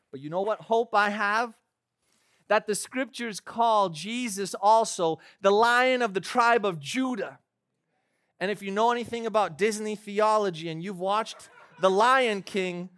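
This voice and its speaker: A man's voice: high voice, fairly bright tone. A man, a pastor, preaching a sermon in a church, moving from conversational storytelling to fervent, emphatic preaching.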